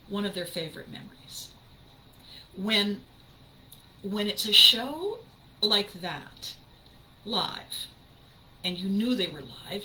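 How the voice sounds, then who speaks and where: A woman's voice: mid-range voice, bright, forceful tone, slight background noise, low-quality recording. An older woman, a voice actress hosting her podcast, telling stories in an enthusiastic, emphatic casual monologue.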